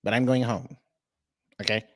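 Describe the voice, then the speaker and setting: A man's voice: fairly even intonation, moderate pace, a bit bright, close to an everyday voice. A man voicing a fussy, panicky American woman expat who wants to flee earthquakes. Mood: frantic. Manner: shrill, fussy, frantic.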